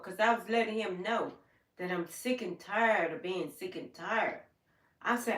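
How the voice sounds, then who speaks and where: A woman's voice: mid-range voice, moderate pace, distant mic. An older woman hosting a livestream, telling her personal story in a heartfelt, plain-spoken, repetitive way. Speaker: livestream host. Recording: echoey room, voice away from the mic.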